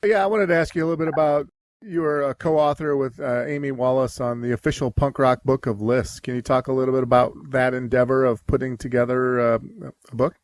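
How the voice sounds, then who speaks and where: A man hosting a podcast, asking questions in a polite, measured way. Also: medium pitch, steady tone, dry recording. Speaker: podcast host. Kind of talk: interview questions.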